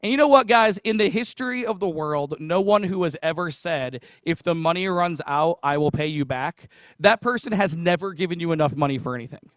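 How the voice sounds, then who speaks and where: A man's voice: fairly high pitch, brisk, a bit bright, no echo, studio quality. A man preaching a casual sermon, retelling a parable in a chatty, joking way with asides to the congregation. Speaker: pastor.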